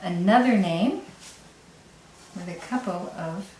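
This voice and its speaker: A woman's voice: fairly low pitch, takes it slowly, a little mellow, a little hiss or hum. Patient woman teaching, echoey room. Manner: patient, explains step by step, often checks in with "right?". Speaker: French teacher. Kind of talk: video language lesson.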